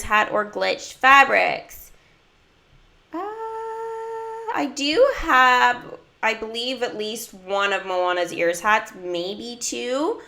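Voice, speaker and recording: A woman's voice: a little high, creaky, pushed and bright. A woman chatting casually during a mobile game livestream, giggling often and answering her viewers' chat.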